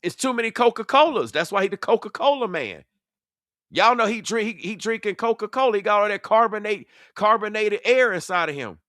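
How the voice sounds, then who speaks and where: A man's voice: high-pitched, lively intonation, brisk, sharp tone, no echo, clean studio sound. Confrontational man calling out rivals. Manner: confrontational, preachy, mocking. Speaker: online commentator. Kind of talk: heated reaction commentary.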